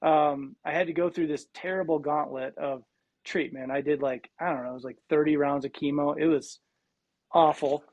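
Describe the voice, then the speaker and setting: A man's voice: a little high, fairly even intonation, moderate pace, a little mellow, no echo, dull audio. A man in his forties from South Dakota, a podcast guest telling his story with lots of restarts and quoted dialogue. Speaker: guest, cancer survivor. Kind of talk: casual storytelling interview.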